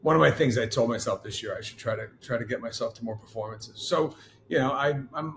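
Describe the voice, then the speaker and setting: A man's voice: medium pitch, fairly quick, slight background noise. A man as a guest in a casual interview, talking in a rambling, enthusiastic way with many restarts.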